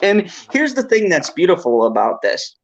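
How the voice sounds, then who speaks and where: A man hosting a casual podcast, ranting excitedly and laughing often. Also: high-pitched, normal speed, lo-fi sound.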